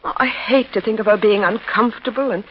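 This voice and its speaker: An actress playing a timid, gushing sister with a plaintive, fluttery manner, in a 1930s radio drama. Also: female voice, medium pitch, fast, slight background noise, lightly acted. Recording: dull lo-fi 1930s radio recording.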